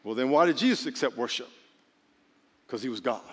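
A man's voice: mid-range voice, brisk, husky, in a large hall. A man preaching a sermon as pastor, joking and calling out questions to the congregation. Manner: lively, joking, calls on the congregation.

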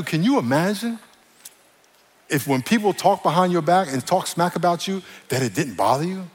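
A man's voice: sits high, animated, normal speed, breathy edge, in a large hall. Man preaching a playful sermon. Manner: playful, joking with the congregation, acts out quoted voices; addresses the audience directly. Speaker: pastor.

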